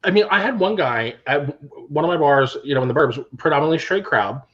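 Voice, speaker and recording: A man, a drag queen co-host, telling sassy, animated anecdotes in casual chat. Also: fairly high pitch, a little fast, husky, lo-fi sound.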